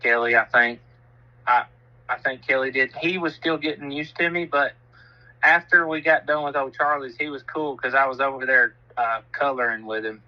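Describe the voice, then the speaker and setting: A man's voice: medium pitch, steady tone, moderate pace, muffled recording. A man, telling a self-mocking story in casual chat and swearing freely. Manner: laid-back, laughs at himself, swears freely.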